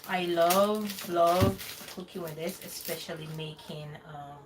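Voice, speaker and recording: Chatting and rambling with viewers, a woman hosts a casual cooking livestream at home in the UK. Her voice is fairly low and steady in tone, a little slow. A distant mic captures noticeable background noise.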